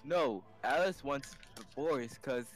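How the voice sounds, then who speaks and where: Brief: mid-pitched stammering man, insistent questions, game music under his voice. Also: animated, slow. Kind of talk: casual voice chat while gaming.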